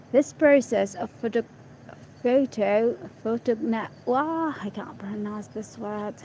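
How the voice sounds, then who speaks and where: A woman whose first language is Arabic reads an English article aloud, stopping often to check her pronunciation in quiet asides. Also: fairly high pitch, a little hiss or hum, poor audio. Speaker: reader practicing English.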